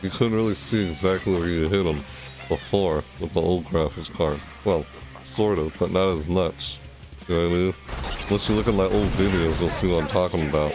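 A man with a deep voice streams a shooter game over music, talking quickly to himself in casual commentary. He's excitable, often letting out startled yelps and groans.

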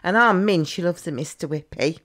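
A woman's voice: on the low side, a little fast, fairly bright tone. A woman, chatting cheekily as she reacts to videos, full of teasing asides. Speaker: reaction vlogger. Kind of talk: casual reaction commentary.

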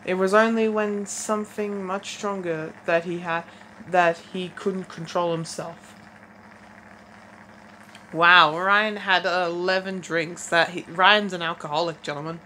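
A woman's voice: on the low side, steady tone, sharp tone, poor audio. A teenage girl reading fanfiction aloud in a casual way, stumbling and restarting, with wry comments between passages. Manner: reads haltingly with restarts and wry asides. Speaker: fanfiction reader. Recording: faint background noise.

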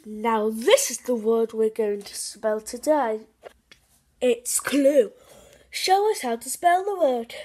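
A woman hosting a children's craft show, playful and animated, with gasps and giggles. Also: high voice, takes it slowly. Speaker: host of a kids' craft show.

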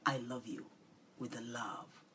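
A woman preaching and praying on a livestream, pleading and tender, often repeating short phrases and dropping into soft breathy whispers. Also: rumbling low, fairly even intonation, unhurried, slight background noise. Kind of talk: livestream sermon and prayer.

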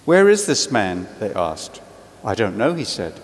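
Slow Australian man reading scripture. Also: lowish voice, huge pitch swings, long reverb tail. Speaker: scripture reader.

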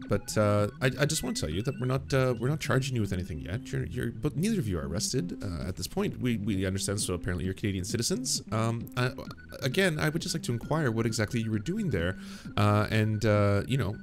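This is a calm, unbothered male police interrogator, as a storyteller puts him on. He speaks softly and a little lower, hedging every sentence with "uh" and polite phrasing. The patience never cracks. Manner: soft-spoken, hesitant, full of "uh".

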